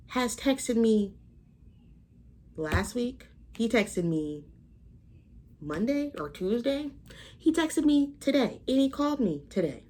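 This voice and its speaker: A young adult woman telling a story to her vlog camera in a blunt, emphatic, profane way. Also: medium pitch. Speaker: vlogger. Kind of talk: casual storytime rant.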